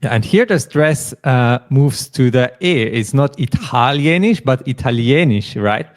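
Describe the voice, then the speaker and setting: A man's voice: mid-range voice, animated, a little slow. A man teaching a beginner lesson, patiently explaining pronunciation and asking his learner to repeat the words. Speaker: German teacher. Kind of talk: language lesson.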